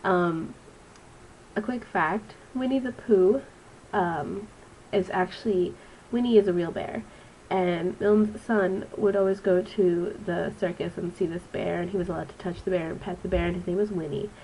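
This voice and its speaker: A woman's voice: fairly low pitch, fairly even intonation, moderate pace, dark tone, a little hiss or hum, rough recording. Chatty nasal young woman with allergies. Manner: chatty and rambling, with frequent ums. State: stuffy nose from allergies. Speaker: student teacher reviewing a book. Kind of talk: casual vlog book review.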